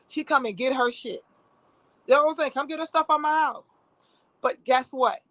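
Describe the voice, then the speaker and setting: High-voiced woman telling a story. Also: fairly bright tone, dry recording. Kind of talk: casual storytelling vlog.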